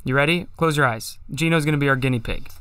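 A man's voice: medium pitch, fast talker, a bit bright, smooth. A man hosting a livestream, chatting casually and self-deprecatingly about chant and singing psalm tones to show them. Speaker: livestream host. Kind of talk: casual chat with sung chant demos.

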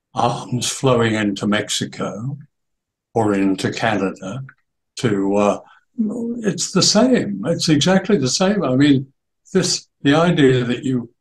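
Slow, deliberate older man. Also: fairly low pitch, low-quality recording. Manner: slow and deliberate, with many pauses and fillers. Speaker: interview guest, journalist. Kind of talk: measured interview answers.

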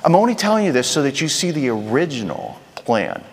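A man's voice: mid-range voice, sing-song, fairly quick, in a large hall. A man preaching a sermon in a conversational way, asking the crowd rhetorical questions.

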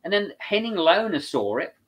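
A man with an English accent, a guest telling stories in a casual, animated way and acting out what other people said. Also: high-pitched, moderate pace, over a noisy crowd. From England. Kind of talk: casual anecdotal storytelling.

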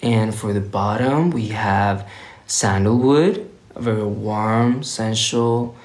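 A young man hosts a relaxed phone livestream, playful and giggly though plainly tired. He drawls at an unhurried, slow pace, and the sound has a roomy echo around it. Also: fairly low pitch. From Sweden. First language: Swedish. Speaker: livestream host. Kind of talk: casual livestream chat reading viewer comments.

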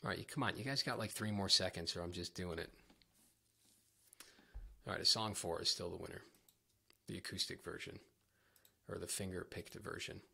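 A man giving a casual livestream guitar lesson, chatty and rambling, often poking fun at himself. His voice is low and gravelly with a bright, sharp edge. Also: moderate pace, pauses often. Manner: chatty, rambling, self-deprecating. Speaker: guitar teacher.

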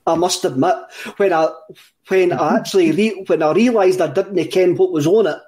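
High-voiced Scottish man spinning a yarn. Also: normal speed, a little mellow. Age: 30s. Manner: rambling, repeats words, laughs often. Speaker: podcast co-host. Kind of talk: casual storytelling chat.

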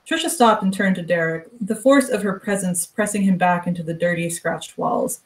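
A woman author reading her fiction aloud with steady, even narration. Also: fairly low pitch, moderate pace, hardly any pauses, roomy sound, far from the mic, low-quality recording. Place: virtual book club event.

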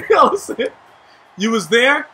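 A young man giving live gameplay commentary, trash-talking and shouting at his teammates in a hyped way. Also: very high-pitched, sing-song, takes it slowly, slight background noise. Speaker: gaming YouTuber.

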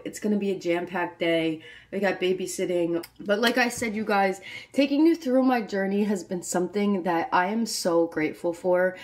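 A woman fitness coach talking to camera in an upbeat, affirming vlog style, often saying "like". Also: lowish voice. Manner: upbeat, affirming, says "like" a lot. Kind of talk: motivational vlog talk.

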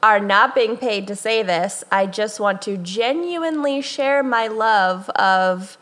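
A woman co-hosting a podcast, chatty and quick to laugh. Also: mid-range voice, fairly bright tone. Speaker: podcast co-host. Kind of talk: casual chat.

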